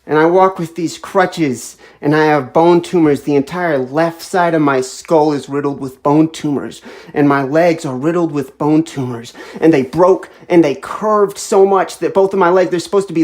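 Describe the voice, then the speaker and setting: Tearful, impassioned young woman vlogging. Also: low voice. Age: 20s. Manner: intense, repetitive, impassioned, swings between quiet and loud. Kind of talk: emotional direct-to-camera monologue.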